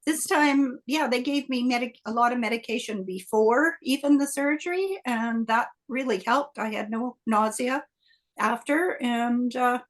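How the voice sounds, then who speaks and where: Her voice a little high and a little slow, this older coaching group member shares a story over a group video call. She stumbles and restarts often, filling gaps with "uh" while staying chatty.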